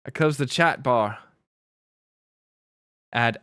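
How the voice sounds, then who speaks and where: A man's voice: medium pitch, slow, fairly bright tone, clear, resonant tone, dry recording, clean studio sound. A man streaming live and chatting casually with his viewers. He rambles, corrects himself and laughs often.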